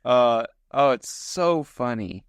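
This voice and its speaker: A man co-hosting a podcast, telling a story with lively, acted-out energy. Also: mid-range voice, slow pace, clear, resonant tone, dry recording, clean studio sound. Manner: animated storyteller, acts out scenes. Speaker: podcast co-host. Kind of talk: casual podcast chat.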